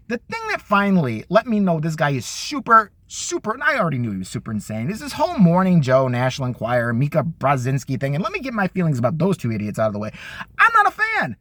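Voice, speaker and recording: A man tears through a foul-mouthed political rant at speed, his voice pitched high and swinging wildly up and down. He mocks everyone he talks about. The sound is dry and close. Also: big pitch swings, fairly bright tone, no room sound. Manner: fast, heavy swearing, mocking. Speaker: vlogger.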